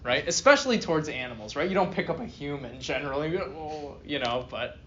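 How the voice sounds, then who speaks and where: A man's voice: a little high, animated, fast, a bit bright, lo-fi sound, slight background noise. A male philosophy professor giving a classroom lecture, reading a text aloud and then joking with students and asking them questions. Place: university classroom.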